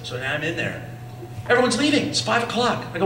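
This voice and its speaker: A man telling animated stories at a convention, acting out voices and whispering asides. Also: high-pitched, quick pace. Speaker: convention speaker. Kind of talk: animated storytelling. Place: convention hall. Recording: echoey hall, far from mic, faint noise.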